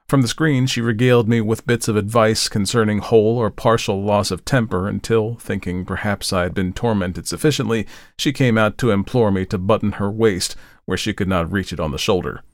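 A man narrating a horror story in a measured, deliberate way, slowing down for the grim parts. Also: lowish voice, dry recording, studio quality. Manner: measured, deliberate, slows for dread. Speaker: podcast host and reader.

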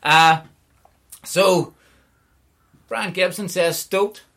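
A man's voice: sits high, moderate pace, a bit bright. A man with a Northern Irish accent hosting a podcast, joking and laughing as he chats. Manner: jokey, laughing, rambling. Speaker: podcast host. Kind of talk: casual chat.

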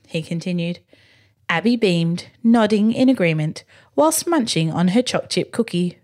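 A woman reading a bedtime story slowly and expressively. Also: lowish voice. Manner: slow, expressive, gently animated. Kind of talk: scripted bedtime story narration.

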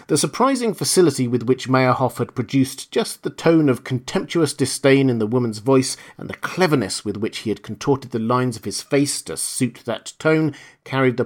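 A man narrating a short story in a measured, expressive reading voice. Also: mid-range voice.

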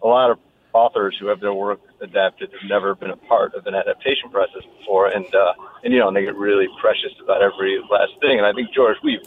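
A man calling in as a guest on a phone line, thoughtful and halting as he explains. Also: lowish voice, steady tone. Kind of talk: phone interview. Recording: tinny phone line with faint hiss.

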